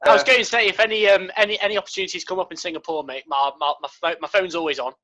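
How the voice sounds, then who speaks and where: A man's voice: high-pitched, fairly even intonation, very fast, bright, forceful tone, lo-fi sound. A man co-hosting a podcast, blunt and sweary, joking around with his friends. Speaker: podcast co-host. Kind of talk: casual podcast banter.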